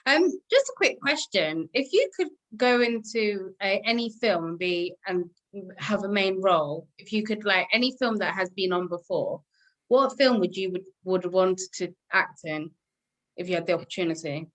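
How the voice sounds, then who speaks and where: A woman's voice: medium pitch, animated, moderate pace. A woman with a British accent interviewing a musician in a chatty, friendly way. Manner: chatty, laughs often. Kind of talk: casual interview.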